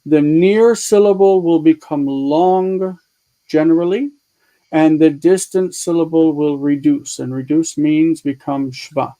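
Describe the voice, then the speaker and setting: The audio is poor as a man with a high-sitting, dark voice teaches grammar live via video call, unhurried and with fairly even intonation. He's chatty, thinking out loud while adjusting screen tools, and patiently builds his explanations step by step with repeated examples.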